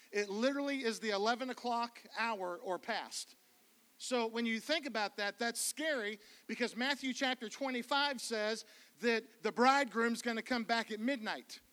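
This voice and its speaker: A guest pastor delivers an energetic sermon in a church, his voice pitched high for a man. His tone is bright and forward. He jokes easily and keeps turning to the congregation with questions. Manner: energetic, joking, calls out to the crowd. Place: church sanctuary.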